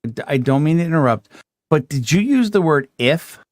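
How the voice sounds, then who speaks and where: A man with an East Coast American accent hosting a casual livestream, profane and joking, quick to interrupt. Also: fairly high pitch, expressive, dry recording, studio quality. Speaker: livestream host. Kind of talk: casual chat.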